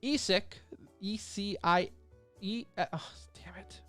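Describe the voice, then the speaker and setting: A man's voice: sits high, slow, a bit bright, clean tone, dry recording, faint music behind. A man co-hosting an esports podcast, running through news items in a loose, joking way. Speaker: podcast co-host. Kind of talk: casual esports podcast chat.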